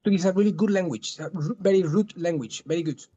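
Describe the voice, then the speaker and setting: A man's voice: high voice, fast, dark tone, lo-fi sound. A man in his thirties from southern Spain with a thick Spanish accent, chatting as a guest in a casual interview, often restarting and repeating words.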